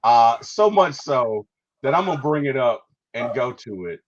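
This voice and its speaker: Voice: medium pitch, expressive, normal speed, highs cut off. A podcast host reviewing a movie, enthusiastic, laughing often and trailing off in restarts.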